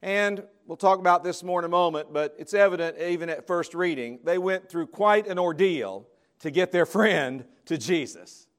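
A man preaching a convocation sermon, emphatic, swinging between soft, drawn-out words and louder stressed phrases. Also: high voice. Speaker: preacher giving a convocation message.

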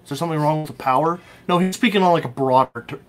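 Man, somewhat high voice, playful idea-pitching banter, quick to laugh. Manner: playful, laughs often, riffing on ideas. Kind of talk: casual brainstorming chat.

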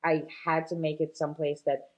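A woman's voice: sits low, flat delivery, brisk, a little mellow. A woman guest in a casual interview, a shop owner talking chattily with many fillers and easy laughs.

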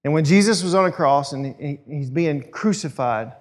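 A man's voice: on the high side, normal speed. A man preaching a sermon in a casual, storytelling way. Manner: conversational storytelling, animated. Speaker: pastor.

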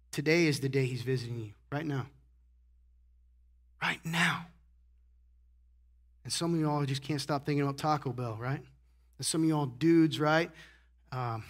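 A male pastor delivering a sermon in a church, with a slightly high voice and a chatty, direct way of talking. He keeps checking in with the crowd and moves from soft, confiding asides to loud, pressing emphasis. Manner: conversational preaching, frequent "right?", swings from quiet to loud. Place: church sanctuary.

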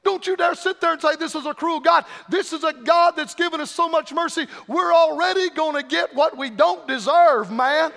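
A man preaching an impassioned revival sermon, swinging from shouted pleas to low, hushed warnings. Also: normal speed, vocal fry, few pauses, big-room sound.

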